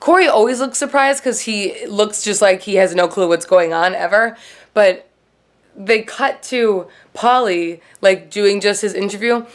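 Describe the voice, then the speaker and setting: A woman's voice: medium pitch, measured pace. A woman hosting a casual TV recap vlog, rambling and swearing freely, with "like" in nearly every sentence. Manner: rambling, profane, heavy on "like". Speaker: show host.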